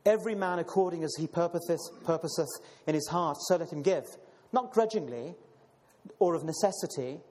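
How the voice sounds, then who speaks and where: Preacher man, fairly high voice. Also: fairly quick, a little mellow. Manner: addresses listeners as brothers and sisters; frequent fillers and repeated words. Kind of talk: sermon with scripture reading. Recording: long hall reverb.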